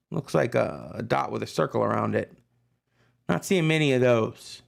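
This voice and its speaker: A gravelly-voiced man, giving a relaxed classroom history lecture. He talks loosely and keeps checking in with his listeners. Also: mid-range voice, unhurried. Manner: chatty, loose, checks in with "right?". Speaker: history teacher.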